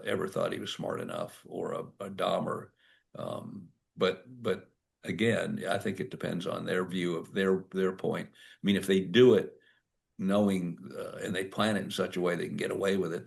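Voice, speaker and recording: Gravelly, very low-voiced older man. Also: moderate pace. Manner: anecdotal, acts out dialogue. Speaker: author and former prosecutor. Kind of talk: storytelling at a book talk.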